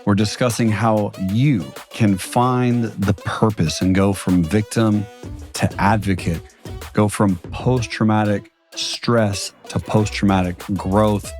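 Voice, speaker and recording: Male podcast host, low-ish voice, eager and playful, faint music underneath. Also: fairly even intonation, takes it slowly, a little mellow. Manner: eager and playful, prompting the guest. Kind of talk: podcast intro and casual interview.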